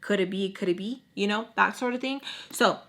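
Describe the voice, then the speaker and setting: A woman's voice: mid-range voice, a little fast. Brief: young adult woman, sassy storyteller, chatty and direct with viewers. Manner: sassy, lively, talks straight to the viewer. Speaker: YouTuber telling a personal story. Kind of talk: casual storytime monologue.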